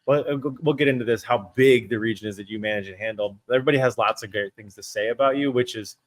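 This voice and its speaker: Sex: man. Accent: Northeastern American. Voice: scratchy, medium pitch, dry. Role: joking podcast co-host. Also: fast talker, no room sound. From United States. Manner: joking, self-deprecating. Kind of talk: casual podcast conversation.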